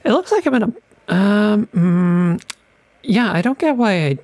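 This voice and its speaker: A woman talks casually on a podcast, rambling and a bit self-conscious about how she sounds. Her speech is slow and unhurried, and the recording is dry, with no room sound. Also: medium pitch, animated, darkish tone, dry recording. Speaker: podcast cast member. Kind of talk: casual chat.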